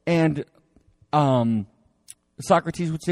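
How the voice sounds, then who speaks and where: A male lecturer tells stories in a chatty, animated way, full of fillers and restarts. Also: medium pitch, normal speed, no echo, studio quality. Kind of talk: storytelling lecture.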